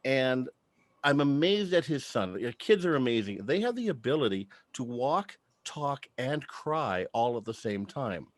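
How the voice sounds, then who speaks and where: A man's voice: medium pitch, very animated, a little slow, dry recording. A man in his thirties doing a stand-up comedy set, telling chatty stories with act-outs.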